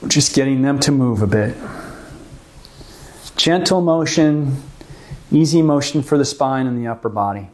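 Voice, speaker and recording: A man calmly leading a stretching class, guiding the moves step by step and explaining why each one helps. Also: medium pitch, moderate pace, pauses often. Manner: calm, gently coaching, explains the reasons for each move. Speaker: movement class instructor. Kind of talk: guided exercise class instruction.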